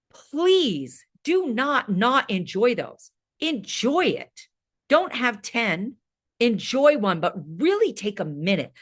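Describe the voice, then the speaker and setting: A woman in her late fifties speaks as a fitness coach in a motivational talk to her group. Her delivery is emphatic and energetic, and she keeps checking in with a quick "right?" at the end of her points. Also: fairly high pitch. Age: 50s.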